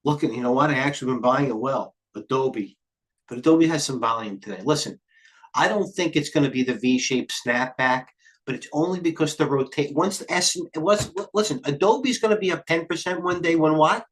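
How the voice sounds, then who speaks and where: A middle-aged man hosting live market commentary, rambling and jumping between tangents. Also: fairly high pitch. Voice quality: occasional cursing, blunt and fast-thinking. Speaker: trading stream host.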